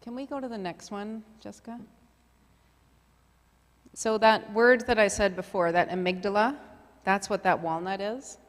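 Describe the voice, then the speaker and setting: A middle-aged woman leading a community workshop in a relaxed, chatty way, full of fillers and asides. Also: medium pitch, moderate pace. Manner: chatty, filler-heavy, conversational. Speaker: workshop facilitator. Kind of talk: casual workshop presentation. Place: community meeting hall. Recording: long hall reverb.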